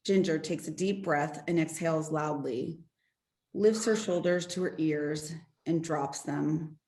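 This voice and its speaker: A woman narrating the stage directions of an amateur radio play in a plain, even manner. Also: low voice.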